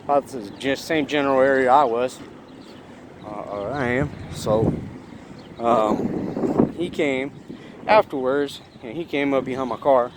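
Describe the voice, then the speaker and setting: Man, vlogger retelling confrontations, rough and profane, mid pitch, noisy outdoor audio. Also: a little slow. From Long Beach, California. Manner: profane, agitated retelling with acted-out quotes. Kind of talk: casual storytelling.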